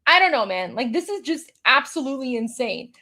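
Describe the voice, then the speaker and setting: A woman's voice: sits high, sing-song, a little fast, bright, forceful tone. A woman from Iran hosting a live stream, giving sarcastic reaction commentary and constantly talking to her viewers. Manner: sarcastic, mocking, keeps addressing viewers. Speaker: livestream host.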